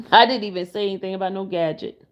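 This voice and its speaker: A woman's voice: mid-range voice, fast talker, muffled recording. A woman reacting to a livestream, exasperated, talking to her viewers while she searches for the clip. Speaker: commentary streamer.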